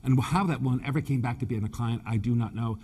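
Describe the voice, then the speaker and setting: Man, husky voice, campy chatty stage presenter with a slight stutter. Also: mid-range voice, fast, darkish tone. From Nova Scotia, Canada. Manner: chatty, teasing, camp humor, calls people honey and dear; stutters a bit. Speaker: floral designer presenter. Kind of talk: live stage demonstration talk. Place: main stage at a trade show.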